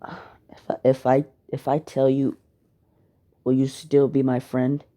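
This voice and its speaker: A man voicing a guarded, lonely teenage girl ninja in a fan story, speaking haltingly. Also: mid-range voice, monotone, dark tone, close to an everyday voice. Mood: hesitant.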